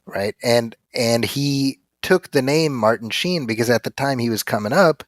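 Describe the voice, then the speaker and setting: A man co-hosting a podcast, chatting casually and reading listener mail with animated storytelling. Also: medium pitch, normal speed, no room sound, clean studio sound. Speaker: podcast co-host. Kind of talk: casual chat.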